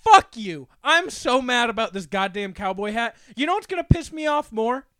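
High-voiced young man, podcast co-host, smooth clean tone, rants and swears a lot. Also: moderate pace, no echo. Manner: ranting, profane, excitable. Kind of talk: casual chat.

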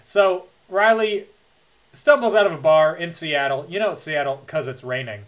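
A man's voice: fairly high pitch, normal speed, fairly bright tone. A man co-hosting a casual chat, recapping with wry jokes. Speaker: podcast co-host.

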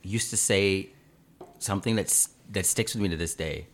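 A man's voice: deep voice, normal speed. A young man co-hosting a podcast, telling stories in casual chat with a lot of swearing. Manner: animated, swearing storyteller. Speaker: podcast co-host.

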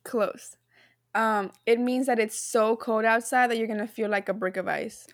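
A woman's voice: fairly high pitch, fairly even intonation, normal speed, no room sound, studio quality. A woman co-hosting a podcast in casual chat, playful, slangy and laughing often. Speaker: podcast co-host.

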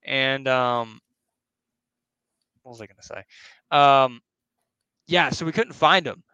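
A man's voice: medium pitch, slow pace, sharp tone, smooth, no echo, muffled recording. A young man casually telling a spooky personal story, rambling and slangy, cursing and acting out other people's lines. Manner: rambling, slangy, profane, acts out voices. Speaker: podcast host.

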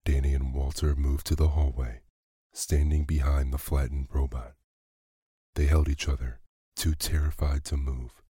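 Brief: male bedtime storyteller, very low husky voice, dry close sound. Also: level tone, moderate pace, warm tone, no room sound. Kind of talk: calm bedtime story narration.

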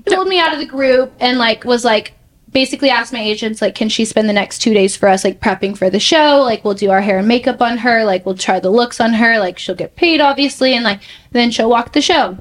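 Young female model as podcast guest, casual, breezy storytelling, higher-pitched voice. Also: a little fast. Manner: chatty, heavy use of "like", animated retelling.

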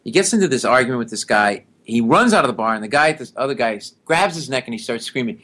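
A man's voice: medium pitch, fast talker. A middle-aged man telling a long story in a casual interview. He acts out the people he describes. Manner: animated storyteller who acts out the people in his stories. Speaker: guest.

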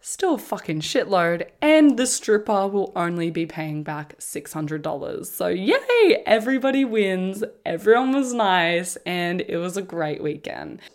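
A woman, telling a story on her podcast in a casual, animated way, swearing freely and laughing as she goes. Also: lowish voice, measured pace, few pauses. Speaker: podcast host.

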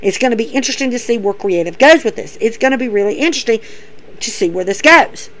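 Woman host with a raised-pitch voice, doing animated casual play-by-play recaps. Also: quick pace, slight background noise, poor audio. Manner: chatty, repeats herself, animated play-by-play. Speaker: podcast host.

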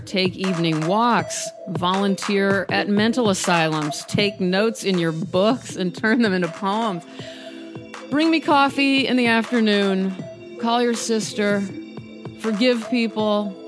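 A woman hosting a casual podcast, reading poems aloud in a husky, worn voice with playful, unhurried asides between them. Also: fairly low pitch. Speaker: podcast host reading poetry.

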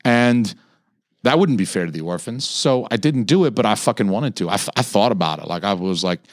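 In a dry recording with clean studio sound, a man in his thirties talks a little fast as he hosts his podcast. He rants animatedly, swears a lot and mocks others by quoting them in a raised pitch.

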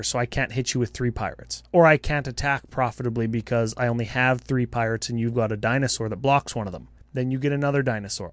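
Animated man chatting card strategy, dry sound. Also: mid-range voice, no room sound. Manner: animated, quick asides and jokes. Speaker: podcast co-host. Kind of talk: casual game-strategy chat.

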